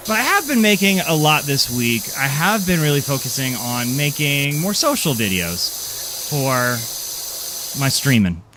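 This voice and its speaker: Chatty, lively game-streaming man. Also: mid-range voice, a little slow, background noise. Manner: chatty, self-deprecating, rambling. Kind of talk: casual live-stream chat.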